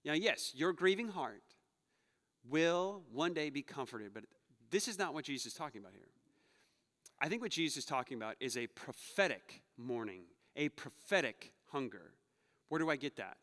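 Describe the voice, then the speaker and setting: A man preaching a conversational sermon, moving between playful asides and quiet, earnest passages. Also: on the high side, animated, moderate pace. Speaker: pastor. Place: church sanctuary. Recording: long reverb of a church hall.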